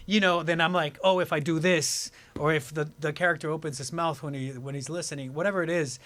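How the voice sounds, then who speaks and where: Fast-talking animated man, high voice. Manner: animated, acts out quick impressions. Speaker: guest actor. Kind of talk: casual interview chat.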